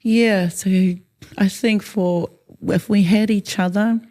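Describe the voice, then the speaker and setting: Interview guest: woman, soft dark timbre, loose and rambling, drops in Māori words. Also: mid-range voice, steady tone, takes it slowly. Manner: rambling, many fillers, mixes in Māori words. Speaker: interview guest, haka performer. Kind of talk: casual interview chat.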